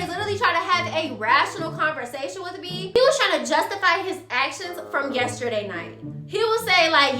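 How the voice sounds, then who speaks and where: A woman's voice: very high-pitched, very animated, quick pace, reverberant, over music. A young woman in a storytime vlog, talking animatedly and calling her viewers y'all. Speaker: vlogger.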